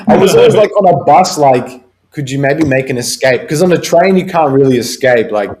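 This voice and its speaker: Brief: young Aussie guy, relaxed livestream banter, crude jokes, ordinary middle pitch. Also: normal speed. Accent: Australian. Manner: loose, profane, joking, trails off quietly. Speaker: podcast co-host. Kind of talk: casual livestream chat.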